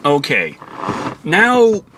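A man's voice: a little high, wildly swooping pitch, drawn-out words, pushed and bright, slight background noise. A man giving a casual, profane movie review, exasperated and acting out quotes from the film.

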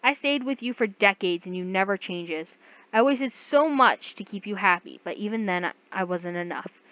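A woman reads aloud as a frightened young woman who defies her captor and shouts back at him. The sound is dry and dull, like a low-fi home recording. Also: lively intonation, normal speed, dry recording, close to an everyday voice. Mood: defiant. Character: frightened, defiant young woman, the story's heroine.

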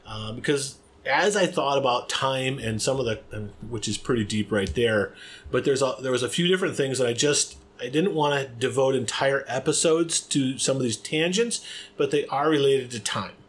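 American guy co-hosting a chatty podcast, rambly and jokey, laughs a lot, plain middle pitch. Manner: playful, rambling, quick to laugh. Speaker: podcast co-host. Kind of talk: casual podcast chat.

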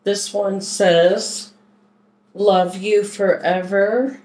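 Slow, chatty woman unboxing a haul. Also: mid-range voice, fairly even intonation, darkish tone, low-quality recording. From Philadelphia, US. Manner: chatty, unhurried, talks while unpacking items. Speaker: vlogger doing a shopping haul. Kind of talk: casual haul video chat.

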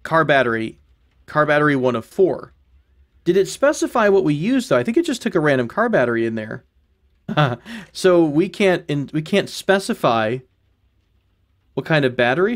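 A man casually commenting on his own gameplay, thinking out loud, correcting himself and chuckling now and then. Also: fairly high pitch. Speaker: gaming channel host. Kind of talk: casual let's-play commentary.

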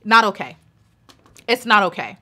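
A woman's voice: medium pitch, animated, moderate pace, bright, forceful tone. An American woman talking straight to her channel's viewers in an emphatic, indignant opinion vlog, hammering her points home with repetition. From United States. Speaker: YouTuber.

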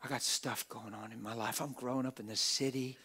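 A middle-aged man preaching a sermon in a church auditorium on a stage microphone, talking plainly and swinging from hushed whispers to loud shouts. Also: medium pitch, fairly even intonation, brisk, slightly rough. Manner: plain-spoken, street-style talk.

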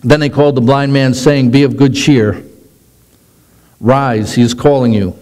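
A middle-aged man, a pastor, preaching a sermon with animated delivery that slows down for emphasis. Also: mid-range voice, poor audio.

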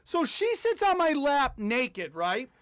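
A man co-hosting a podcast, telling a crude story in casual chat and acting out the quotes, sometimes shouting. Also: very high-pitched, slow, dry recording. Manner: animated, shouts and acts out quotes. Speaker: podcast co-host. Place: studio.

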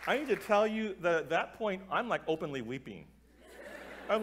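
A man's voice: high-pitched, moderate pace, muffled recording, slight background noise. A middle-aged man giving a storytelling talk to a church gathering, acting out the voices of the people in his story. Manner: animated, acts out voices in his stories, breaks into tearful laughter. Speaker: keynote speaker.

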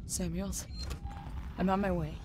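An actress voicing a tense woman survivor in a video game, quiet and clipped. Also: lowish voice, flat delivery, a little slow, slight background noise, lightly acted.

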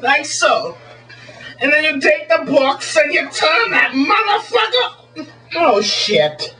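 A man putting on a high, excitable voice as a crude, goofy Swedish stage magician. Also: takes it slowly, distant mic, faint music behind, exaggerated voice, poor audio. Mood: showy, crude.

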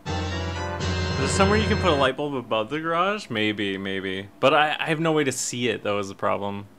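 A man's voice: mid-range voice, expressive, moderate pace, over music. A man streaming a horror game live, commentating and swearing, yelping when startled.

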